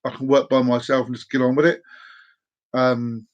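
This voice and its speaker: A man in his forties hosting a casual live stream from his desk at home, playful and chaotic, repeating and stretching his phrases with sudden excited whoops. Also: medium pitch, moderate pace, highs cut off.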